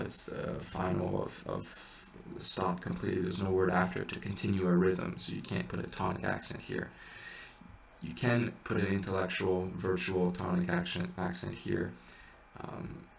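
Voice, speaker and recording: With a deep, creaky voice, this chant instructor hesitates and restarts as he works out loud through pointing a chant, now and then singing a brief example. It's a casual lesson recorded from afar in a reverberant room, with a little hiss.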